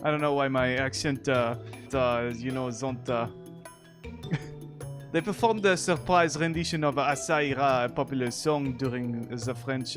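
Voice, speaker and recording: A man whose first language is Portuguese, reading news aloud and commenting on it in a sarcastic, jokey way and laughing often. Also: medium pitch. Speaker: streamer.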